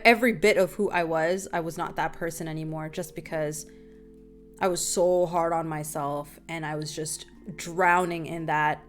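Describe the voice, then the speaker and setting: A young adult woman hosting a casual group talk, telling a personal story with lively, animated delivery and calling listeners "y'all". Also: on the low side. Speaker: talk show host.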